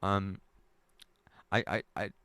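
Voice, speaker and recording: Chatty man with a low voice. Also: level tone, takes it slowly, bright, forceful tone, no room sound. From United States. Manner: rambling, chatty, laughs often. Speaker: live stream host. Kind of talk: casual live chat reading viewer comments.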